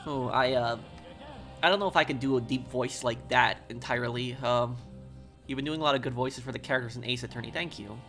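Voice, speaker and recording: A rambling American streamer talks with his chat in a bright, clear tone. His pitch sits in the middle, and faint music plays softly behind him. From United States. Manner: rambling, halting, reads chat aloud. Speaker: game streamer. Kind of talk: casual live-stream chat.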